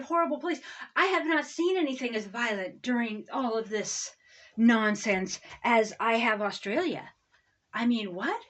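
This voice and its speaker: High-pitched woman in her forties, fervent preacher, rambling sermon with loud swings; lo-fi muffled sound. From United States. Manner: impassioned, repetitive "okay?" asides, swings from loud to low. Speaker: all-faith pastor. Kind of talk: ranting sermon-style talk.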